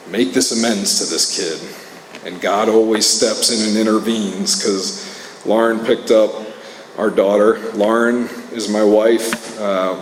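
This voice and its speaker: A man's voice: fairly low pitch, echoey room, big-room sound, slight background noise, rough recording. A man in his thirties giving a personal recovery testimony at a meeting, talking in an earnest, conversational way with many fillers and restarts. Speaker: recovery speaker. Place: meeting hall.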